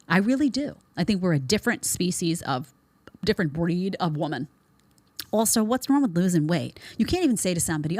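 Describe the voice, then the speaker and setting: A woman's voice: on the low side, fast, gravelly, no room sound. A woman host giving a blunt, sarcastic commentary monologue, mocking the people she talks about with put-on voices. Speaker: show host.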